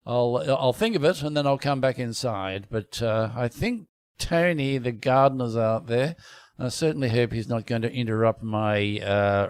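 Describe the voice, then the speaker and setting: A man's voice: sits high, sharp tone, voice pushed up. A man playing a pompous, posh English scientist who is haughty and self-important.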